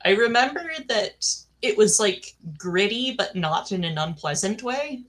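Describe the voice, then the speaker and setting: A woman's voice: mid-range voice, expressive, unhurried, a bit bright. A woman co-hosting a casual chat, giggly and playful. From United States. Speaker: co-host. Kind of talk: casual chat recapping a show.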